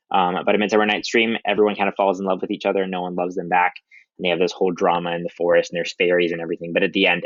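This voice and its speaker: Deep-voiced man teaching an English lesson. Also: a bit bright, dry recording. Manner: casual, many ums, friendly teacher talk. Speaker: high school English teacher. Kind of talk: recorded slideshow lecture. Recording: dry, dull lo-fi audio.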